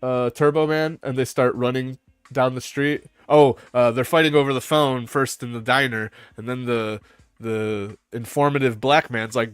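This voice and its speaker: A man's voice: medium pitch, steady tone, moderate pace, clear, resonant tone, dry recording, faint music behind. A man hosting a casual panel chat, rambling, swearing and laughing as he retells scenes. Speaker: host.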